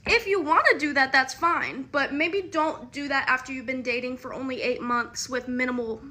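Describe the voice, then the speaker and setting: A woman's voice: sits high, normal speed, bright, forceful tone. A young woman chatting candidly with the viewer in a casual storytime. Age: young adult.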